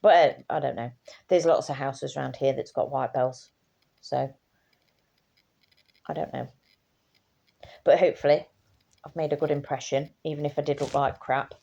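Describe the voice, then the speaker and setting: Woman rambling to camera, tired, low mellow voice, bit of fry, swears a lot. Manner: chatty, swears casually, trails off and restarts. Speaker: vlogger. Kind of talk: casual rambling chat.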